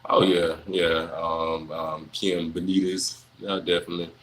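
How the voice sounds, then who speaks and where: A young man, chatting casually on a livestream, answering viewers in a relaxed, rambling way full of fillers. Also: deep voice, unhurried, poor audio. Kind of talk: casual live Q&A chat.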